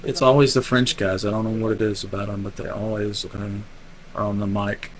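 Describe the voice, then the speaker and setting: A man streaming a racing game, explaining car setup in a relaxed, teasing way. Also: on the low side, fairly quick, slight background noise, poor audio. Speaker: streamer and race car driver. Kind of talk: live-stream gameplay commentary.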